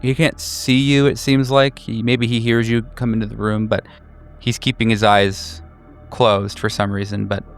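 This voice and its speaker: A man narrating as game master of a tabletop horror game, describing scenes with frequent halting fillers. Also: on the low side, little pitch movement, faint music behind.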